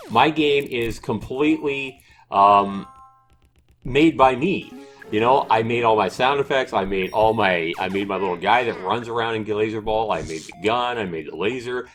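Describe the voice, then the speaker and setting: A man reviewing games on video, in emphatic, animated storytelling full of fillers. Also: lowish voice. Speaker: game reviewer, YouTuber. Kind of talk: ranting commentary.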